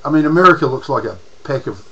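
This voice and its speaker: A man's voice: mid-range voice, expressive, fast talker, a bit bright, slightly rough, highs cut off. A man with a New Zealand accent, rambling in a casual monologue to camera as a political vlogger, restarting his sentences often and using slang.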